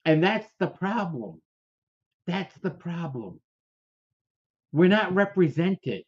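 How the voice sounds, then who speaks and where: Male co-host, fiery and repetitive, rhetorical questions, slow and emphatic, muffled lo-fi recording. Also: sits high, big pitch swings, slightly rough. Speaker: political commentary co-host. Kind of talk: heated political commentary. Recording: dull lo-fi sound.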